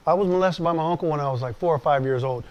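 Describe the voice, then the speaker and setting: A man in his sixties, a pastor telling a personal testimony in an animated way, dropping to hushed asides and rising to loud bursts. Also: a little high, very fast, muffled recording. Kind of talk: storytelling testimony.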